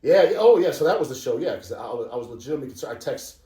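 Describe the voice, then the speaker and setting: Profane, excitable man in a roomy space. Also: medium pitch, very fast. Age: around 40. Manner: profane, excitable ranting storyteller. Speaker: podcast host. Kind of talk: casual chat. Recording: roomy echo.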